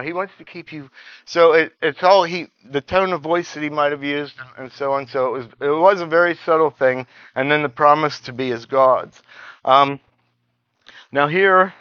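A man teaching a Bible study lesson, halting and restarting often and reading scripture passages aloud. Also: mid-range voice, dry recording, lo-fi sound.

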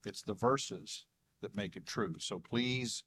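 A man with a fairly low voice talks through a draft statement of belief with his church group. He speaks hesitantly, restarting his sentences and chuckling now and then. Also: slow pace, a bit bright, husky. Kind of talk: casual group discussion.

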